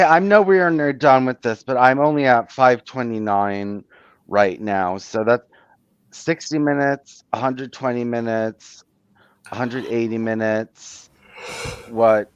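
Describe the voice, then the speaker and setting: A man's voice: medium pitch, smooth, no room sound. A man hosting a casual live stream, blunt and exasperated, swearing now and then. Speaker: stream host. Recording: dull lo-fi, dry sound.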